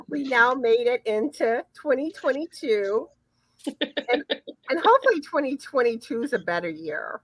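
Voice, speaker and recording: A woman hosts a casual live chat, repeating her first words as she gets going. She talks slowly with a lively, animated lilt, a little higher than most women. The sound is dry and close, with no room behind it. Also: husky, dry recording. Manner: chatty, repeats words when starting sentences. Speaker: livestream host.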